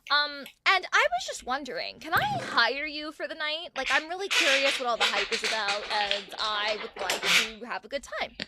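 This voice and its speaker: A man's voice: extremely high pitch, big pitch swings, moderate pace, few pauses, heavy background noise. A young man voicing a homophobic male client who talks in a casual, bro-ish way. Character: homophobic adult male client, bragging about buddies.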